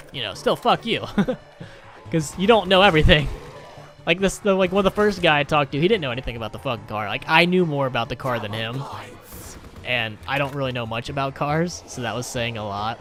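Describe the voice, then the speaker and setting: A man's voice: medium pitch, brisk, a bit bright, soft background music. A man telling a story in casual, profane commentary while playing a video game, ranting with lots of energy. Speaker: gaming YouTuber.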